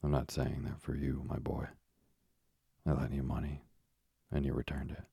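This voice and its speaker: A man's voice: very deep voice, completely flat delivery, normal speed, gravelly, dark tone, breathy edge, no room sound, clean studio sound, heavily acted. A man voicing a sly, ingratiating young male tailor in a storybook reading.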